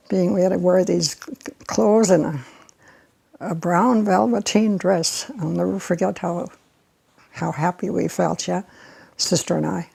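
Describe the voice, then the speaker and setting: Older lady telling old family stories, raspy fry in her voice, laughs a lot. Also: fairly low pitch, slow, long pauses, a little mellow. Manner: chatty and reminiscing, with frequent laughs. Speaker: interviewee. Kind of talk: oral history interview.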